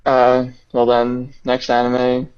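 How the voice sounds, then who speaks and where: A man's voice: medium pitch, completely flat delivery, takes it slowly, clean tone, lo-fi sound. A young man co-hosting a casual podcast, explaining things hesitantly with lots of ums and uhs. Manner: hesitant, filler-heavy explaining. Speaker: podcast co-host. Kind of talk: casual chat.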